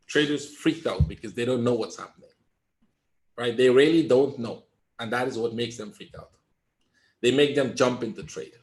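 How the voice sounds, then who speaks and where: Calm man coaching traders live. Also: mid-range voice. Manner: calm, repetitive, reassuring, tags points with "right?"; emphatic, talks straight to viewers. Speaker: trader teaching a webinar. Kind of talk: live trading commentary.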